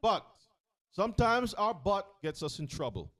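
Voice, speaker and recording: A man teaches a Bible passage with a lot of energy, cutting into the reading to ask questions. His voice swings widely and sits a little high. He often acts out the story in different voices. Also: big pitch swings, normal speed. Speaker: teacher leading a scripture reading. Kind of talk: interactive sermon.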